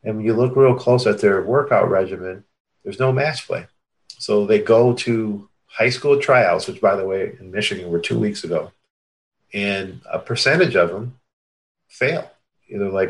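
A man, a tennis coach telling animated stories in a podcast interview and acting out the people he quotes. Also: on the low side, moderate pace, rough recording.

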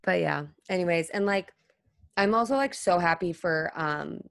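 Young female co-host, relaxed chatty storyteller, lower register, dry studio mic. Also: normal speed, vocal fry, no room sound. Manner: chatty storytelling with frequent "like"s, calmer tone. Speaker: podcast co-host. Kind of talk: casual chat.

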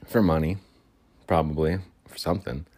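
Deep-voiced man rambling on a podcast. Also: fairly even intonation, moderate pace, darkish tone, breathy edge. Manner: meandering, chuckling asides, self-mocking. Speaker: podcast host. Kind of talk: rambling solo podcast monologue.

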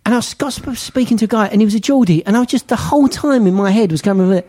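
Quick-fire male guest, mellow dark tone, wisecracking, casual podcast banter. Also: high-pitched. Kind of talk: casual football podcast chat.

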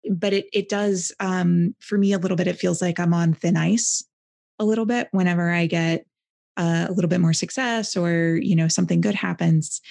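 A woman's voice: lowish voice, fairly even intonation, normal speed, gravelly, a little mellow. A woman podcast host talking reflectively and hesitantly in a casual conversation. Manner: reflective, hesitant, many fillers.

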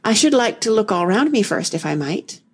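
A woman voicing a polite, earnest little girl who speaks gently and a little plaintively. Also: mid-range voice, big pitch swings, moderate pace, husky.

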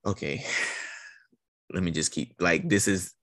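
A man co-hosting a podcast, responding in an affirming, animated way with casual slang. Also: low-pitched, slow pace, no room sound, studio quality. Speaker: podcast co-host. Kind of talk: casual chat.

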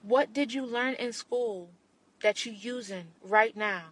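A woman's voice: fairly high pitch, takes it slowly. A woman podcast host, giving an impassioned monologue and repeating lines for emphasis.

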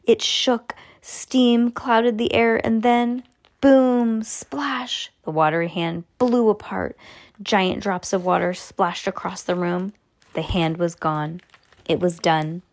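A woman reading a children's chapter book aloud, lively and animated, her voice jumping high on the exclamations. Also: slow. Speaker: storybook reader.

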